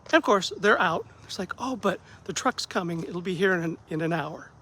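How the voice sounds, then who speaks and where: A therapist recounts his rough day in a relaxed, conversational vlog. His voice sits a touch high for a man and jumps as he acts out what people said. A faint hum of background noise runs under the recording. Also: moderate pace. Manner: animated, acts out quoted dialogue, self-deprecating. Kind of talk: casual vlog storytelling.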